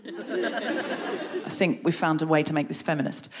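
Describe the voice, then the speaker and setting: A woman guest leading a playful creativity game for a live audience, encouraging and animated. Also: low-pitched, measured pace, crowd noise. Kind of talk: live comedy podcast workshop. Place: stage before a live audience.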